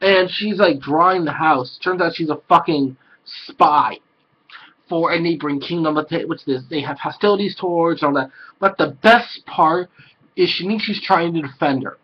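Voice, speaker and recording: A man giving an excitable, casual anime review, swearing a lot and breaking into loud exclamations. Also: on the high side, moderate pace, dull audio, a little hiss or hum.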